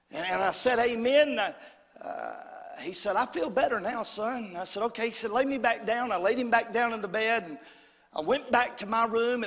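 Emotive preacher in a reverberant hall. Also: male voice, high voice, husky. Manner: emotive preaching, swings from loud to hushed whisper. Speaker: pastor. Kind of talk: sermon.

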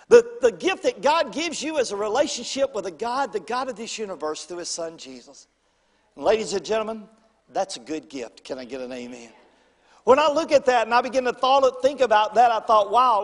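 High-voiced older preacher, echoing hall. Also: male voice. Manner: preacherly call-and-response, animated swings in pitch and volume. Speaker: pastor. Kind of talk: sermon. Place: church sanctuary.

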